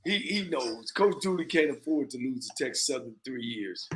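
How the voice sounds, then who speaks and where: A man co-hosting a casual football picks chat, animated and repeating words as he talks. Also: medium pitch, normal speed, slight background noise.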